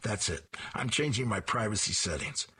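A grouchy cartoon sheep griping about his phone, read by a man in his own raspy voice. The delivery is huskily textured with a forceful, bright edge. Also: fairly low pitch, animated, normal speed, heavily acted. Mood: annoyed. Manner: complaining.

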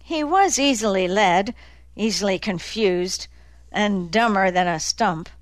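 A woman narrating an audiobook in a measured, deliberate way. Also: mid-range voice, animated, no room sound. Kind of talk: scripted narration.

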